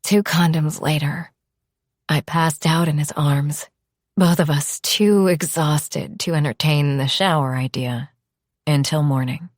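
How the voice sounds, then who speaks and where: A woman narrating a first-person audiobook in a soft, often whispered, unhurried delivery. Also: sits low, no echo, studio quality.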